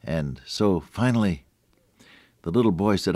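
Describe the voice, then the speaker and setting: A man's voice: deep voice, big pitch swings, normal speed, no room sound, studio quality. An older man giving a folksy, conversational radio devotional sermon and chuckling at his own jokes. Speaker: radio preacher.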